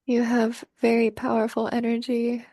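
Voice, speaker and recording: A woman's voice: a little high, monotone, normal speed, mellow, no echo, clean studio sound. A woman hosting a spiritual conversation, talking in an effusive, emotional way full of gushing praise. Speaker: host.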